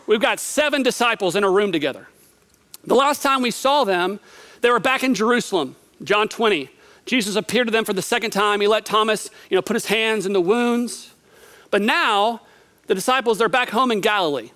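High-voiced man telling a Bible story. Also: animated, a little fast, pushed and bright. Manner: storytelling, vivid, acts out quotes; conversational, asks the listener questions. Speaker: preacher. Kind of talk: Bible teaching sermon.

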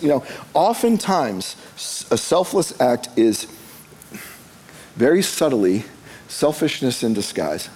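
A pastor preaching conversationally. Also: male voice, on the high side, animated, unhurried, darkish tone, husky. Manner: conversational, with humorous asides. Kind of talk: sermon.

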